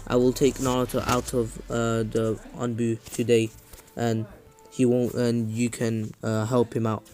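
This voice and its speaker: A man voicing an old village leader in a fan story, measured, quiet and low. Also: completely flat delivery, close to an everyday voice. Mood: stern. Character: old male village leader, calm authority.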